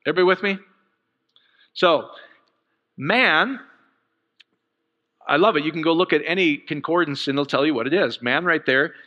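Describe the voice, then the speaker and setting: A middle-aged man preaching a casual, conversational sermon, animated and rising to fervent outbursts with asides. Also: a little high, moderate pace, pauses often, long reverb tail, muffled recording.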